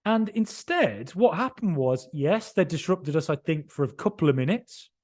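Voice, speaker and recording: A man hosting a football podcast, giving an excited, emphatic and rambling reaction right after a match. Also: a little high, normal speed. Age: 30s or older.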